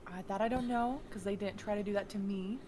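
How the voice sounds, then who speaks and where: A woman playing a tabletop role-playing game, telling what happened in an animated, rambling way. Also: mid-range voice, fast, noisy background. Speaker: player. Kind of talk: tabletop role-play chat.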